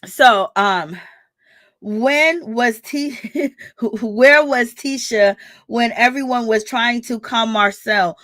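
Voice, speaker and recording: A woman hosts a casual recap chat, animated and quick to laugh. Her voice sits high and bright, and the recording is close and dry with no room sound. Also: dry recording. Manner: animated, laughing, expressive reactions. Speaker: reality TV recap host.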